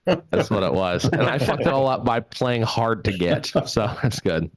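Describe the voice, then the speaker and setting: A man's voice: mid-range voice, lively intonation, normal speed, no room sound. A man in his thirties from southwestern Pennsylvania doing a rambling, self-deprecating stand-up set into his laptop. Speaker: stand-up comedian.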